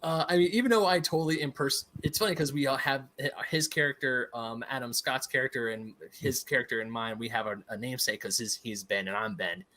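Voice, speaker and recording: An American man hosting a casual podcast chat, enthusiastic and quick to go off on nerdy tangents. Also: mid-range voice, pushed and bright. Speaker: podcast host.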